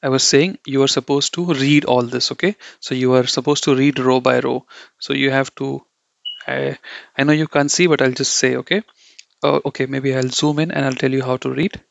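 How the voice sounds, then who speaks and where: Male language tutor, gravelly tone, talks loosely and circles back, close and dry, slightly muffled sound. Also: mid-range voice, steady tone, moderate pace, no room sound. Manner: loose, repetitive, says "okay" and "you know" a lot; corrects himself mid-sentence. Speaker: German teacher. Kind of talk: explaining grammar to learners. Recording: dull, dry lo-fi audio.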